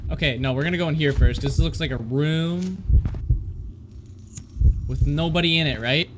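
Against a noisy background, this man's slightly high voice keeps a moderate pace as he plays a horror game for his channel. He startles easily, curses often, yelps and panics, and talks jokingly to both his audience and the game.

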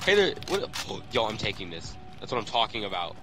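Young male gamer, mid-pitched and lively, cracking jokes; noisy headset feed. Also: fairly quick. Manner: joking, laughing at his own lines. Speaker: gamer in a squad. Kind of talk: casual gaming chat. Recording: noisy voice chat.

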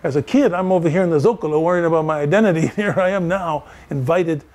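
An older man, a professor, giving a storytelling lecture with lively anecdotes and acted-out dialogue. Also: fairly high pitch, fast. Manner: animated anecdotes, acts out quoted dialogue.

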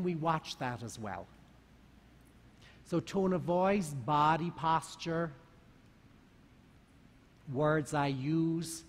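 A man giving a talk to a live audience, asking the listeners lively questions. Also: fairly high pitch. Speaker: conference speaker. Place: large conference hall. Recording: long hall reverb.

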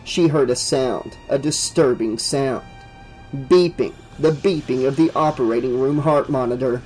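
A man reading a horror novel aloud as an audiobook, in a steady, vivid storytelling manner. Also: medium pitch, measured pace, soft background music, rough recording. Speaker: audiobook narrator.

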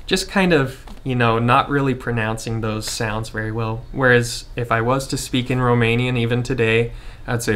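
An American man in his twenties talks informally to his viewers, in a medium-pitched voice. He drops in frequent fillers and moves at an easy, conversational pace. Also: normal speed. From Utah, United States. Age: 20s. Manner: relaxed, informal, many fillers. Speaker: vlogger. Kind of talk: casual explanatory talk to camera.

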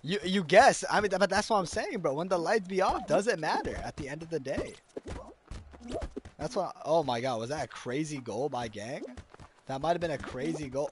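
A young man live-streaming games, bantering in slang and yelling at the gameplay. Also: fairly high pitch, animated, normal speed, a little hiss or hum. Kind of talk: live gaming stream chat.

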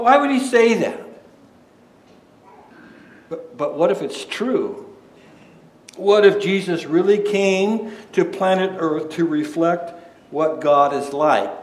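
A man preaching a sermon as pastor, conversational, asking rhetorical questions and often restarting his words. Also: on the high side. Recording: echoey room.

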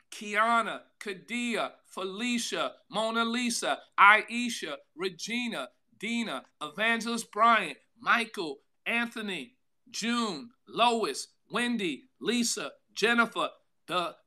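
A man pastor giving a devotional sermon, calling out to listeners by name, with a drawn-out delivery and sudden loud bursts. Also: very high voice, clear, resonant tone. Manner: preaching with call-outs to listeners by name.

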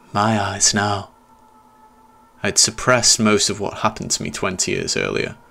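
A man with a low, gravelly voice reads a first-person horror story aloud. His delivery is tense and dramatic, and full of rough texture. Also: fairly bright tone, a little hiss or hum. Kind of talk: scripted horror narration.

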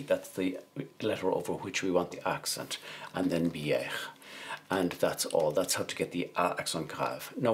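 Male tutor, very low voice, patient step-by-step explainer with "uh" fillers. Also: a bit bright. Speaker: French teacher. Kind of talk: screen-share tutorial.

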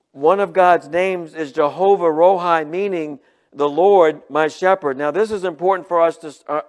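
A man preaching a sermon as pastor, earnest and emphatic, slowing down to stress each line of scripture. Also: a little high. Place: church, livestreamed sermon.

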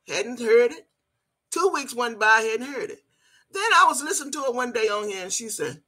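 A woman's voice: on the high side, bright, forceful tone. An older woman hosting a casual livestream, greeting viewers and scolding critics in a blunt, feisty way. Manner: greets chat viewers by name. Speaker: livestream host.

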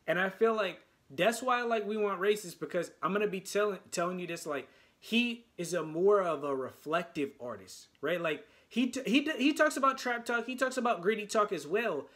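Excited high-voiced man rambling. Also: moderate pace. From United States. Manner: excited, rambling, stumbles over words. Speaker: music reaction YouTuber. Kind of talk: casual reaction commentary.

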